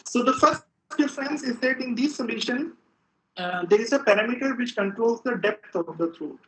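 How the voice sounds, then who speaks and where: This man's pitch is extremely high, expressive and fairly bright as he gives a physics seminar in a lecture room. He explains haltingly, filling pauses with filler sounds, and the audio is poor.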